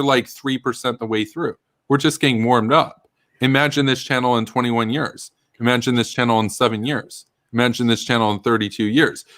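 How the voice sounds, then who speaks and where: A man's voice: mid-range voice, fairly bright tone, no echo, clean studio sound. A man hosting a political commentary chat, heated and ranting, swearing freely as he talks.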